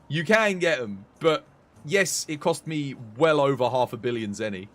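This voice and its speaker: A young man streaming a game, chatting excitably with his viewers. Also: medium pitch, normal speed. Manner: chatty, excitable, talks to chat. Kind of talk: casual live-stream chat.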